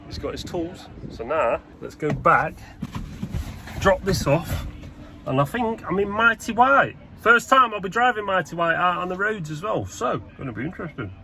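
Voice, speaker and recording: A man's voice: high-pitched, animated, moderate pace, creaky, sharp tone. A man giving casual vlog commentary to viewers while he works on fencing jobs outdoors, matter-of-fact and chatty. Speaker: fencing tradesman vlogger. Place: outdoors at work sites and a yard, windy. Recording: wind noise outdoors.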